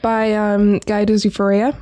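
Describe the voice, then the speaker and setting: A woman co-hosting a podcast in casual chat, playful and quick with jokes, laughing often. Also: mid-range voice, monotone, warm tone. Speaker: podcast co-host.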